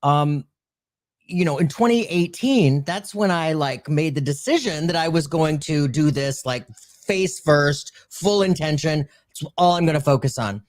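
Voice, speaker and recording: A man's voice: on the high side, a little slow. A man hosting a casual spiritual chat, talking in an earnest, reflective way and often searching for words. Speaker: host, medium.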